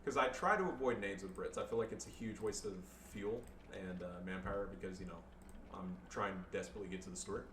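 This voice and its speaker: A man's voice: low voice, fast. A man casually commentating his own strategy game match, joking and swearing loosely. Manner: joking, loose, swears, fillers like "you know". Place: home room with family around. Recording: echoey room, far-off mic, background noise.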